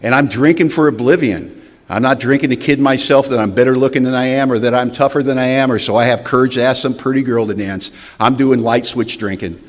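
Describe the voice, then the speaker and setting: A man's voice: mid-range voice, fairly quick. A man giving a personal recovery testimony at a meeting, with candid, wry storytelling that acts out past conversations. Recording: long hall reverb.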